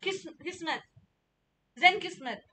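A young woman streamer from India chats on her stream in a high, bright voice, slow and drawn out. She is playful and giggly and keeps repeating words. The sound is close on a streaming mic. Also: slight background noise. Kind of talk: casual livestream chat.

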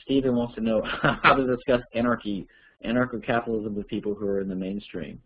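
A man with a gravelly, husky voice answers listener questions for an online course, thinking aloud as he goes. The audio is dull and lo-fi. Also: on the low side, fairly even intonation, fast.

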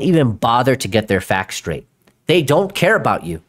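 A young man hosting a live stream reaction, ranting loudly and exasperated, with a sore throat from yelling. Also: medium pitch, big pitch swings, moderate pace. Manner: loud, exasperated ranting with profanity and laughter. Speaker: YouTube commentator reacting to a video.

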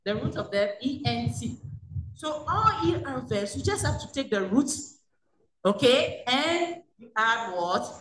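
A woman gives an online French lesson by video call, asking the class questions before answering them herself. Her fairly high, fairly bright voice is sing-song and unhurried. She sounds distant in an echoey room, with slight background noise.

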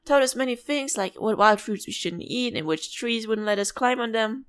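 A woman's voice: on the high side, normal speed, voice pushed up, close to an everyday voice. A woman voicing a small, polite and curious village child who talks earnestly and sometimes stumbles over words, as a fan voice-over of game dialogue. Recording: faint music behind.

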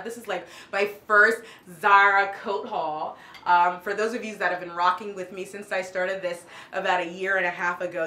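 Gushing woman fashion vlogger, bright voice. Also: mid-range voice, reverberant, slight background noise. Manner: gushing, enthusiastic, repeats "love, love, love". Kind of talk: casual haul vlog.

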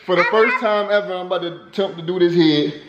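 Playful dad vlogging at home, noisy. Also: male voice, high voice, fairly quick, highs cut off. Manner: playful, joking, hyped-up talk to viewers. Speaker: father and family vlog host. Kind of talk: casual home vlog narration. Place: family home, indoors.

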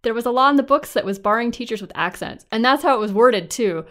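A woman's voice: fairly high pitch, expressive, fast, a bit bright. A woman co-hosting a podcast, chatting casually and agreeing with her guest. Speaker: podcast co-host. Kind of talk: casual chat.

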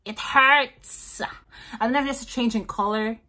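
A woman's voice: fairly high pitch, fairly even intonation, measured pace, bright, forceful tone. A woman vlogging casually and talking to herself, hesitant, repeating beatbox syllables over and over.

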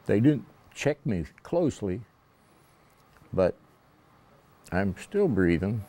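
A man's voice: lowish voice, big pitch swings, takes it slowly, pauses often, mellow. A man in his nineties, a war veteran telling his story in an oral-history interview, plainspoken and wry. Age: 90s.

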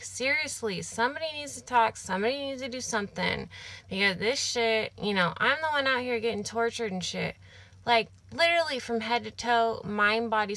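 A young woman with a gravelly, fry-laden voice rambles straight to camera from her apartment. She vents in loose, filler-heavy run-on talk, swearing freely. Her pitch sits in an ordinary middle range for a woman. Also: fairly bright tone.

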